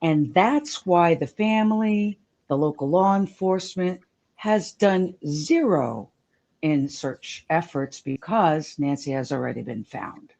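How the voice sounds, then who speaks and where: A woman's voice: deep voice, slow pace, gravelly, a little mellow. A middle-aged woman from Long Island phones in to a live show. She talks in a chatty, earnest way, keeps pressing her question, and laughs easily with the hosts. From Long Island, New York. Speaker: caller.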